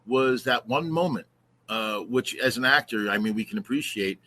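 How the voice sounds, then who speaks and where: A man's voice: medium pitch, pushed and bright, breathy edge. A man who hosts a podcast and acts, speaking earnestly and stammering when eager. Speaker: podcast host and actor. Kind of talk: casual podcast chat.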